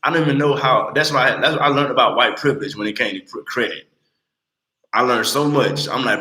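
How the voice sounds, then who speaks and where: A man in his late twenties talking bluntly and with lots of swearing on a casual livestream, telling animated stories. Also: medium pitch, fast talker, reverberant, low-quality recording. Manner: blunt, profane, animated storytelling. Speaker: livestream host.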